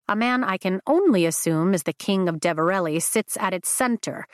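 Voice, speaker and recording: Woman audiobook narrator, measured and steady, slightly low voice, dry studio recording. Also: no echo. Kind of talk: first-person audiobook narration.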